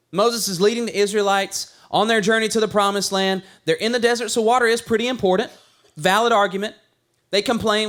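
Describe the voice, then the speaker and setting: A man's voice: sits high, a bit bright. A man in his thirties, a pastor, preaching a conversational sermon with playful storytelling.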